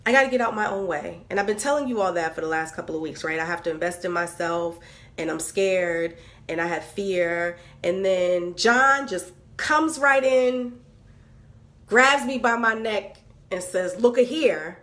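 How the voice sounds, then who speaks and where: A woman's voice: lowish voice, moderate pace, a bit bright. A woman venting candidly on camera, exasperated and repeating herself with stammered restarts. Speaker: vlogger.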